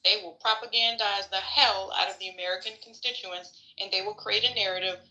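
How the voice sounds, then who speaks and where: A woman's voice: mid-range voice, fairly even intonation, fairly quick, bright, forceful tone, low-quality recording. A woman sharing frank, opinionated views in a casual political discussion, swearing freely.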